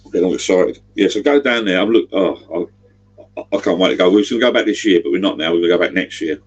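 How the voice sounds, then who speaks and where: A man's voice: low-pitched, fast talker, slightly rough, highs cut off. A middle-aged man, rambling chattily on a livestream. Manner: rambling, chatty, gives directions. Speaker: livestream host. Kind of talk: casual livestream chat.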